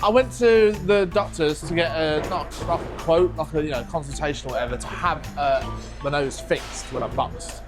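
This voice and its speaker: A man with a fairly high, nasal and croaky voice that sounds permanently blocked up. He talks fast and jokes around as he hosts a scrapyard vlog outdoors. Music plays clearly under his voice. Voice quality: nasal, croaky, as if he had a cold. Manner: fast-talking, jokey. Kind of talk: casual chat.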